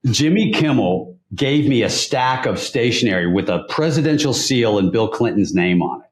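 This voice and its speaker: A man spinning a mischievous story on a podcast, his pitch swinging widely as he builds it up. He talks casually and keeps laughing at his own pranks. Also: lively intonation, moderate pace. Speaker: guest actor.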